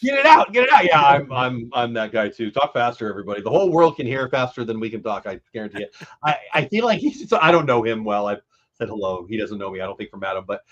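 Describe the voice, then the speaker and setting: A man's voice: on the low side, expressive, quick pace, fairly bright tone. A man hosting a casual baseball watch-party livestream, calling plays and chatting in an enthusiastic, rambling way. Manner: enthusiastic, rambling, talks over others. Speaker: livestream host. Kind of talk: casual livestream chat with play calls. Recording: dull lo-fi stream audio.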